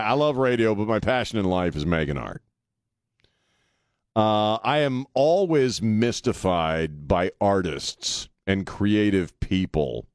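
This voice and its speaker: A man's voice: on the low side, dry recording, studio quality. A man hosting a talk radio show, delivering a blunt, sarcastic monologue and laughing often. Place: radio studio. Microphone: studio microphone.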